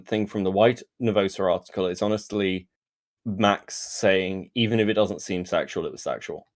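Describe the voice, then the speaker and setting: A British man hosting a casual livestream, talking fast and swearing often, exasperated and pleading at times. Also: fairly low pitch, darkish tone. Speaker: streamer host.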